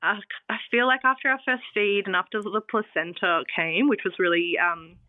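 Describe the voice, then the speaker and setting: A woman's voice: mid-range voice, normal speed, no room sound. A woman, telling her birth story in a casual podcast interview, full of fillers. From Australia. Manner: chatty, many fillers like "um" and "like". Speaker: guest sharing birth story. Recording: dry, phone-like sound.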